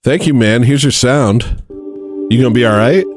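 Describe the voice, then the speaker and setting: A man's voice: medium pitch, moderate pace, music in the background. A man hosting a casual livestream, rambling and self-deprecating as he reads chat messages and verses aloud. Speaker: livestream host.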